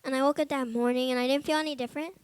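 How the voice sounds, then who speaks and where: A young woman with a bright, high voice shares a personal testimony with fellow students. She talks informally, leaning on "like" and "um", and turns quiet and earnest as the story gets heavy. The sound is close and dry. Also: fairly even intonation, racing, smooth, dry recording. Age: young adult. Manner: earnest, soft and subdued in heavy moments. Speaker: Bible college student.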